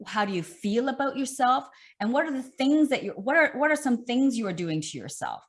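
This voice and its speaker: A middle-aged woman fitness coach, talking in an animated, emphatic way with lots of repetition during an online interview. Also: high voice, a little fast.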